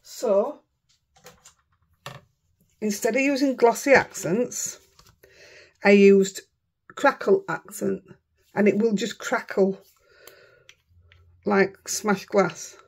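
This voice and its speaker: Chatty Yorkshire craft vlogger, woman, husky and a little gravelly, mutters asides. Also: medium pitch, steady tone, slow, pauses often. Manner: chatty, self-mocking, often mutters under her breath. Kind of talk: casual chat while crafting.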